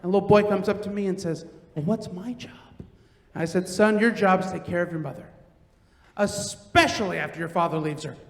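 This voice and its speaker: A middle-aged man performing a stand-up comedy set, telling loud, animated stories and acting out the quotes. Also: sits high, quick pace, gravelly, slight background noise. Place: large theater stage. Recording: roomy theater with long reverb.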